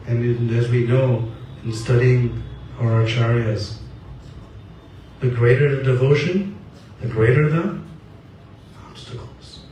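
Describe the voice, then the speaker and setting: A man's voice: mid-range voice, a little mellow, far from the mic, slight background noise. Earnest man preaching in an echoey hall. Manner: earnest, asks and answers his own questions. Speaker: speaker giving a spiritual talk. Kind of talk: sermon. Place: temple hall.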